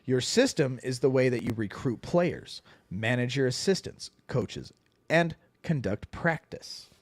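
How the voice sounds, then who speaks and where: A man co-hosting a casual book podcast, his pitch bouncing around as he reads passages and comments on them. He sounds animated and conversational. The recording is close and dry, with no room sound. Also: a little slow, no room sound. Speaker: podcast co-host.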